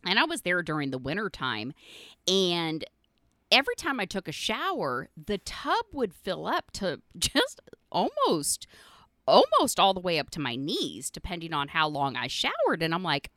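A woman's voice: fairly low pitch, huge pitch swings, moderate pace, fairly bright tone, dry recording, studio quality. A middle-aged woman hosting her own podcast, telling stories in a blunt, profane way with frequent laughs. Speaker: podcast host. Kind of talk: casual storytelling monologue.

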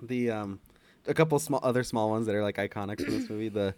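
A man's voice: fairly low pitch, fast talker, a little mellow, smooth. A man co-hosting a film podcast in casual chat, laughing often and quoting movie lines in funny voices. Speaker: podcast co-host.

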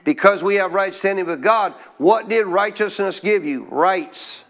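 This pastor's voice is high and a bit bright, with lively intonation, a moderate pace and few pauses. Preaching with emphasis, he keeps putting questions to the congregation and getting them to echo his words.

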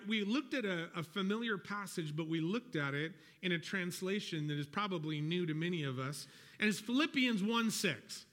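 A pastor delivering a sermon, earnest and animated, acting out people's inner dialogue with God. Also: male voice, high-pitched. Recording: reverberant hall.

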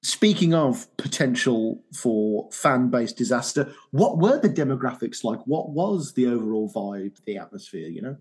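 A man's voice: mid-range voice, expressive, normal speed, few pauses, darkish tone, husky, rough recording. A man with a Birmingham English accent hosting a podcast, chatting casually and poking fun at himself. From England. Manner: self-deprecating, jokey. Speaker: podcast host. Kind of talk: casual chat.

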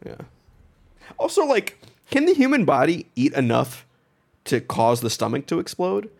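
Man, podcast co-host, gravelly, lively pitch, stumbling restarts, laughs easily. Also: moderate pace. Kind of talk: casual comic book chat.

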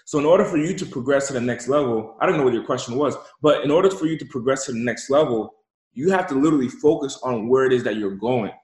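A man telling an animated story and giving motivational talk as an interview guest, repeating himself for emphasis. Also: mid-range voice, quick pace, reverberant, rough recording. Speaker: guest, entrepreneur.

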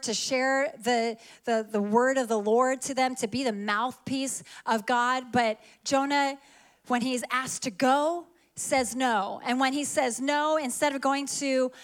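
Woman preacher, slightly high voice, animated storytelling sermon. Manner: lively storytelling, acts out quoted lines.

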